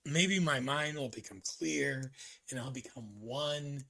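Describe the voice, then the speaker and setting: Gravelly, raspy man musing aloud. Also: mid-range voice, sharp tone. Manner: halting, reflective, many ums and restarts. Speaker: vlogger. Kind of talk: casual personal vlog monologue.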